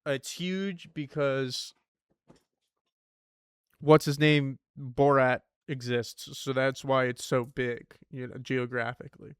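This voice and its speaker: Young dude streaming puzzles, rambly slangy jokes, smooth clean voice. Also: male voice, medium pitch, steady tone, takes it slowly, no echo, clean studio sound. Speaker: game streamer. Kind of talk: casual live-stream chatter.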